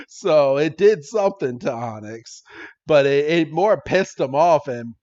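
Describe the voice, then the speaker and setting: A man with a fairly high voice rambles through a cartoon recap on a podcast, peppering it with swears and quick laughs. The sound is dull and lo-fi, as if from a modest home setup. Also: sing-song, darkish tone. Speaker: podcast co-host. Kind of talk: casual episode recap.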